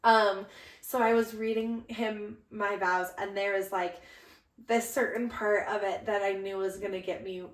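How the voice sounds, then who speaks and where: A young woman co-hosting a podcast, telling a story in a casual, animated way with lots of laughs. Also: mid-range voice, a little slow. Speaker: podcast co-host. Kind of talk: casual chat. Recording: roomy, distant from the mic.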